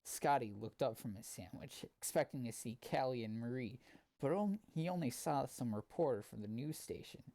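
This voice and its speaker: A man's voice: mid-range voice, animated, normal speed, dark tone. A man reading fan fiction aloud with sardonic asides, often stumbling over the text. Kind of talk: comedic dramatic reading with asides.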